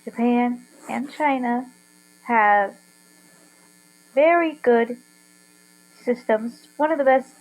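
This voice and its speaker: A woman's voice: fairly high pitch, slow pace, pauses often, low-quality recording. A young woman with an earnest, rambling way of talking, hosting a casual solo monologue. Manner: rambling, earnest, enthusiastic ranting. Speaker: podcast host.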